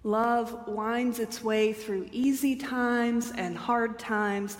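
A woman preaching a sermon in a church, speaking deliberately and asking a run of rhetorical questions. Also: on the high side, steady tone, faint music behind. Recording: long hall reverb.

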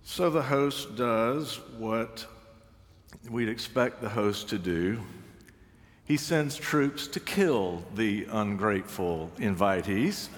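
A man's voice: lowish voice, expressive, slow pace. A man preaching a sermon, telling stories with dry humor and acting out the voices he quotes. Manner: wry storytelling, acts out quoted voices. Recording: long reverb of a large hall.

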